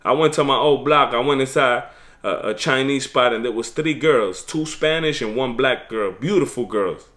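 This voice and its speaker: A man's voice: medium pitch, moderate pace, a bit bright. A man giving preachy, streetwise life advice in a casual motivational monologue.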